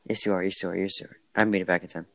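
A man's voice: low voice, little pitch movement, rapid-fire, gravelly, a crowd in the background. A man in a casual podcast chat, teasing crudely and stumbling over his words. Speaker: podcast co-host.

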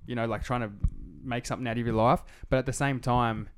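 Australian man, mid-pitched voice, casual podcast chat, sweary, animated storytelling. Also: fast, slight background noise. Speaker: podcast co-host.

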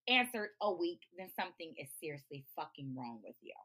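A woman hosting a podcast, talking in a profane, emphatic, animated rant. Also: lowish voice, brisk. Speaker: podcast host. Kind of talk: casual ranting monologue.

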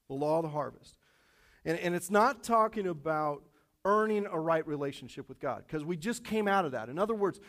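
A man preaching a sermon, telling a personal story with many fillers and animated storytelling. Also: on the high side. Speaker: pastor. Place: church auditorium.

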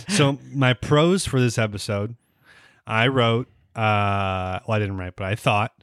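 A man's voice: fairly low pitch, unhurried, fairly bright tone, smooth, no room sound, studio quality. A man co-hosting an anime podcast, talking casually and rambling with lots of fillers and restarts. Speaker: podcast co-host. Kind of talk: casual anime review chat.

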